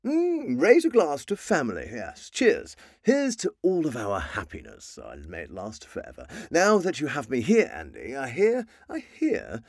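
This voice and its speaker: A genial, slightly pompous middle-aged father of three who loves to chat, as a man puts him on for a comic chat. His pitch swoops and leaps all over, and there is a gravelly edge under it. The sound is close and dry. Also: wildly swooping pitch, measured pace, few pauses, no echo, exaggerated voice. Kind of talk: comic improvised character chat.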